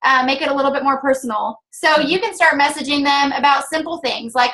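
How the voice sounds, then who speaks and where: A woman's voice: high-pitched, fairly quick, hardly any pauses, pushed and bright. A woman with a Southern US accent, co-hosting a casual chat and explaining things step by step in an upbeat, coaching way. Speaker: co-host.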